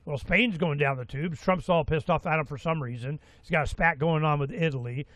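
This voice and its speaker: A man in his sixties giving a rambling, folksy talk-radio monologue as host, with animated asides. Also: a little high, fairly quick, no echo. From Florida, USA. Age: 60s.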